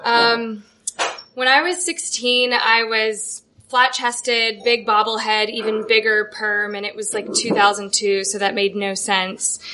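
A woman's voice: on the high side, little pitch movement, a little slow, pushed and bright, a little hiss or hum. A woman guest telling a wry, self-deprecating personal story at a live storytelling show.

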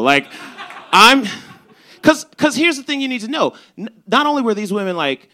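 A man's voice: very high-pitched, very animated, normal speed, bright, forceful tone. A young man from Chicago's South Side telling a comedic story at a live show, swearing and acting out the lines he quotes. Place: live show at a bar venue.

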